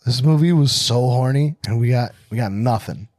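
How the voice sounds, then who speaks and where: A man's voice: medium pitch, normal speed, darkish tone, dry recording, clean studio sound. A man co-hosting a podcast, joking and swearing his way through a bad horror movie and acting out its lines. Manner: profane, jokey, acts out movie dialogue. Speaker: podcast co-host. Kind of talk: casual movie-review chat.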